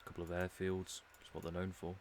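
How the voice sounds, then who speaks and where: Fast and monotone, his low, darkish voice carries rambling, dry-humoured musings as this English man streams his game. Slight background noise accompanies the casual commentary.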